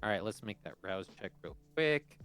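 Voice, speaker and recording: Man, tabletop player, slightly drunk, excited rambling, lowish voice, faint music. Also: normal speed, smooth. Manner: excited, rambling, laughs often. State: tipsy. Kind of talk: casual tabletop game chat.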